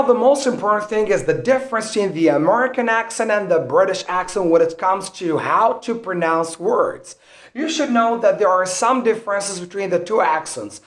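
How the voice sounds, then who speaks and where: A man teaching an English pronunciation lesson, deliberate and repeating each example word aloud. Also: sits high, a bit bright. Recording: echoey room.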